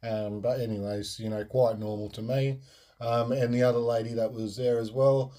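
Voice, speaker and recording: Rambling young man with a mellow voice. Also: medium pitch, level tone, moderate pace. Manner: rambling, frank, lots of fillers and restarts. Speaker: podcast host. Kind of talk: casual storytelling monologue.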